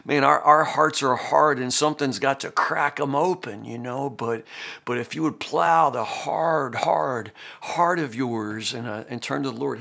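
A man's voice: medium pitch, creaky, pushed and bright. A middle-aged man teaching the Bible as a pastor, earnest and full of restarts and fillers. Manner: earnest, repeats words, many fillers.

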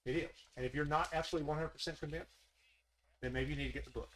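A man preaching a casual, earnest sermon. He rises in his voice when he stresses a point and drops to a soft, close tone when he asks questions. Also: on the high side, fairly even intonation, racing, slight background noise, low-quality recording. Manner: earnest, repetitive, rises when emphatic, softens to a near hush when asking questions. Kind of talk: conversational sermon.

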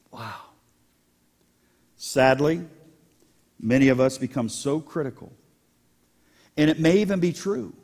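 A male pastor delivers a sermon with a somewhat high-pitched voice. He keeps it lively, teasing his congregation with jokes between serious points. His voice rings with long reverb in a church hall. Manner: animated, joking with the congregation.

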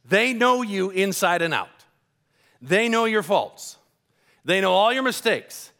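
A man's voice: high-pitched, expressive, takes it slowly, vocal fry, bright, forceful tone. A middle-aged male pastor preaching a sermon, telling personal stories and acting out the dialogue. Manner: storytelling, acts out dialogue.

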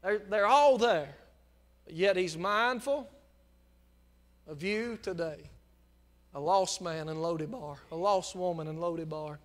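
A male preacher with a fairly high voice delivers a sermon. He drops low and quiet to tell a story, then builds into loud, fervent exhortation. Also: measured pace, pauses often. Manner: impassioned preaching that swells from quiet storytelling into near-shouting. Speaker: pastor.

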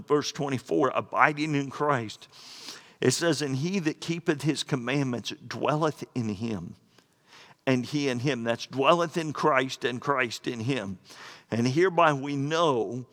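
A middle-aged pastor with a medium-pitched, slightly bright voice preaches a sermon in an earnest, plainspoken way, adding quoted asides. The recording is in an echoey hall with long reverb.

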